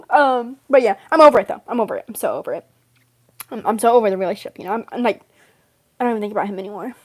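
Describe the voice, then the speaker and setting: A woman's voice: a little high, sing-song, fairly quick, long pauses, a little mellow. A young woman rambling casually in character, giggling often and filling gaps with ums and you-knows. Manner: giggly, rambling, lots of fillers and laughs. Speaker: vlogger role-playing a game character.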